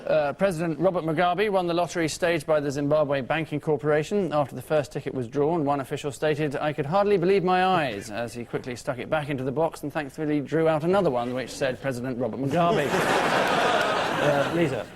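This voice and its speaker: A man hosting a TV panel show, reading scripted jokes with dry deadpan timing. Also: a little high, fairly quick. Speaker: guest host. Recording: TV studio with audience laughter and noise.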